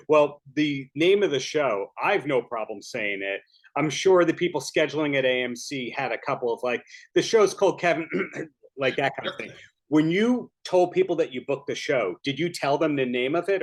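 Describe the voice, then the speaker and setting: A man's voice: medium pitch, animated, normal speed. A man hosting a podcast, asking friendly questions over a video call. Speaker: podcast host. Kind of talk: interview.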